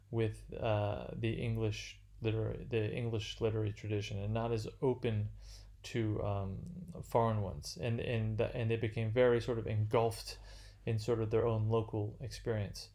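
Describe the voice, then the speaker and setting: A man giving an unscripted literature lecture, halting and full of fillers and restarts. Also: lowish voice, flat delivery, a little mellow.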